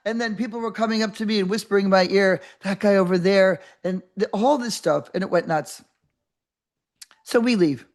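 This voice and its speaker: Animated older woman telling a story. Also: medium pitch, moderate pace. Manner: animated, acts out quoted voices; rambling with many restarts. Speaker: podcast host. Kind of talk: casual storytelling monologue.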